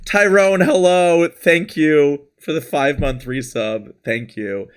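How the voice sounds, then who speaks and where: A man's voice: on the high side, takes it slowly, clear, resonant tone. A man hosting a live stream, chatting casually and rambling, laughing often and thanking viewers from chat. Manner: reads out chat names and thanks followers. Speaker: livestream host.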